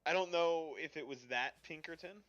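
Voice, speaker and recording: An American man, a player at a tabletop game, chatting casually and throwing in quick jokes. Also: on the high side, fairly bright tone, lo-fi sound. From United States. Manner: jokey quips.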